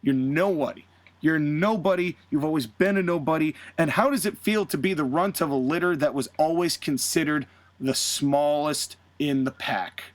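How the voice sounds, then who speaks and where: A man's voice: on the high side, normal speed, no room sound, natural voice. A man doing a sneering, cocky young wrestler. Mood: mocking. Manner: taunting, mocking, swearing.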